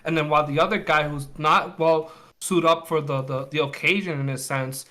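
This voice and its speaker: A man's voice: on the high side, fairly even intonation, normal speed, bright, forceful tone. A man hosting a podcast interview, talking casually and rambling, restarting sentences as he searches for words. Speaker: podcast host.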